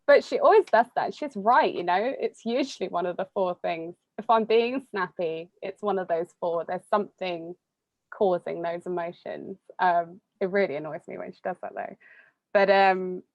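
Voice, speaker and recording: A young woman, chatting casually as an interviewee, full of fillers and quick laughs. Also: lowish voice, a little mellow, no echo, highs cut off. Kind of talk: casual conversation.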